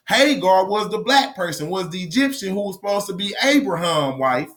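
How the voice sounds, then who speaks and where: A fairly high-voiced man delivers a profane opinion monologue straight to his audience. His tone is bright and forceful as he lectures bluntly and circles back to repeat his points for emphasis. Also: lively intonation, normal speed, few pauses. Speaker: commentary channel host.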